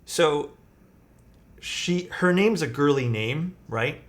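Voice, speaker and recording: A slightly high, animated voice speaks slowly as the young man rambles through a story on his live stream, assembling a keyboard at his desk. His talk is full of "like" and some swearing, with faint background music.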